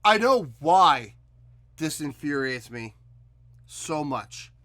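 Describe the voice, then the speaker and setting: Animated, bright-voiced man critiquing music. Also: a little high, takes it slowly. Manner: blunt, exasperated critique. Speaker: music reaction video host. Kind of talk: reaction commentary to camera.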